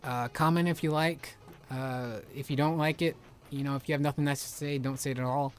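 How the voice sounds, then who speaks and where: A man hosting casual game commentary, rambling excitedly with lots of filler words. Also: mid-range voice, a little fast. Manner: rambling, excitable, heavy use of "like". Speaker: video game reviewer.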